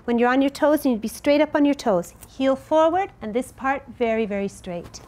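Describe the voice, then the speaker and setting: A woman's voice: high-pitched, a little fast, darkish tone. A middle-aged woman teaching a belly dance step, explaining it patiently and counting out each move. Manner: clear, patient, counting out moves.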